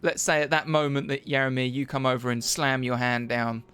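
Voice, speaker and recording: A man's voice: mid-range voice, fairly even intonation, a little fast, fairly bright tone, clear, resonant tone. A man narrating a tabletop game as game master, hesitant and rambling and often laughing.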